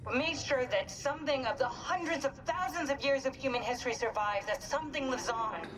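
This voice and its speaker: A woman's voice: sits high, brisk, crowd noise, lightly acted. Brief: female actor as a composed, cool woman scientist in a game, distant. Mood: calm. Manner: composed, then curt. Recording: distant game audio with noise.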